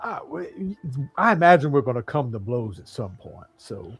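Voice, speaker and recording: A man's voice: medium pitch, sing-song, moderate pace, breathy edge, no room sound, faint music behind. A man playing a tabletop game in a casual, sarcastic way, swearing now and then. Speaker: player.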